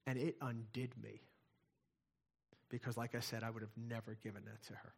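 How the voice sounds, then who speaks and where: A middle-aged male pastor preaching in a conversational way, moving from hushed asides to loud, fervent passages. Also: medium pitch, little pitch movement, moderate pace, creaky. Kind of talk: sermon.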